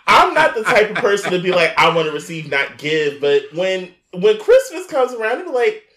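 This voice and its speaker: A man co-hosting a podcast, telling a story in casual chat, animated and laughing, often jumping into high shrieking impressions. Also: moderate pace, reverberant. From New York area. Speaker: podcast co-host.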